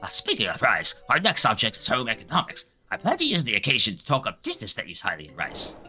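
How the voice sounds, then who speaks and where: A man's voice: medium pitch, wildly swooping pitch, a little fast, pushed and bright, faint music behind, exaggerated voice. A man reading game dialogue aloud as a cheerful, earnest male village schoolteacher who talks formally and gushes with thanks. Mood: pleased. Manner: polite, formal, gushing.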